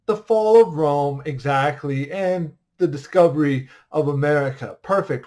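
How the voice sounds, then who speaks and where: A man teaching an online history class in a casual, upbeat way, joking and quizzing his students as he goes. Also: a little high.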